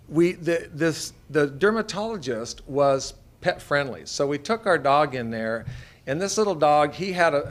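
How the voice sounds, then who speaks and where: A middle-aged man from Idaho, a veterinarian telling folksy anecdotes to an audience and acting out the voices of people in his stories. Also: a little high. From Idaho, USA. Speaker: veterinarian speaker. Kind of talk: storytelling talk to an audience.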